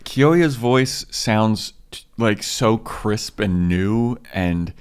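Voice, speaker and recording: A man's voice: lowish voice, expressive, very slow, clean tone. A man co-hosting a podcast, chatting loosely with plenty of swearing. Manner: loose and profane, says dude. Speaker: podcast co-host. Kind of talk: casual chat.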